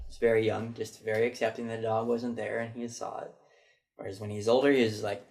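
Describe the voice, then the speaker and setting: A man's voice: on the low side, steady tone, normal speed. A man vlogging in a chatty, reflective way, recounting people's answers to a question and mimicking them as he goes. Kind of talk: casual storytelling monologue.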